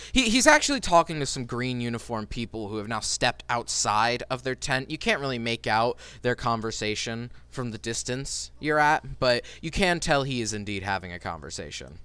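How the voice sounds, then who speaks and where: A man narrating as game master of a tabletop game, halting with many fillers. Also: mid-range voice, sharp tone, clear, resonant tone, no echo.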